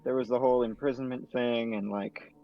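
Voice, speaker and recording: A man at the game table speaking calmly and reasonably, his voice gravelly. He comes through a dull, lo-fi microphone. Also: mid-range voice, brisk, soft background music. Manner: calm, reasoning. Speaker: player. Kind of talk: casual tabletop play. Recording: dull lo-fi mic.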